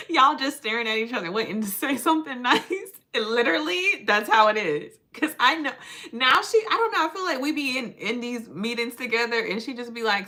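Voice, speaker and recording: Woman, livestream host, playful and teasing, bright voice. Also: a little high, expressive, brisk. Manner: chatty and playful, laughs often, teases viewers. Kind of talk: casual livestream chat with viewers.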